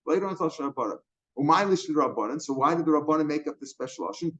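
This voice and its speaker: A man's voice: on the high side, lively intonation, racing, fairly bright tone. A man teaching a Talmud page line by line, explaining Hebrew and Aramaic terms with a lot of repetition and rephrasing. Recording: dull lo-fi recording.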